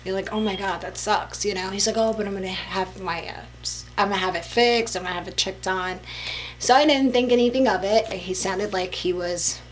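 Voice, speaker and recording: A woman telling a personal story to camera in a casual storytime vlog, chatty and animated, full of "like" and "you know". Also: mid-range voice, brisk, slight background noise, rough recording. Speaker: vlogger.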